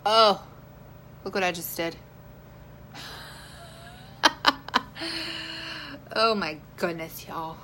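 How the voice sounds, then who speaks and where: A woman's voice: fairly low pitch, extremely slow, pauses often, bright, forceful tone, a little hiss or hum. A young woman chatting playfully with viewers on a phone livestream while doing her makeup. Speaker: beauty vlogger. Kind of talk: casual livestream makeup chat.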